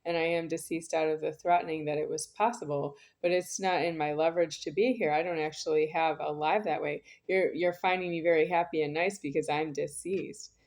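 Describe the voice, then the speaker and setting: Woman rambling on and on, lower voice, keeps repeating herself, insistent. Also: fairly even intonation, fairly quick, hardly any pauses, darkish tone. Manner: insistent, circling back over the same phrases. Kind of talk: rambling spoken monologue.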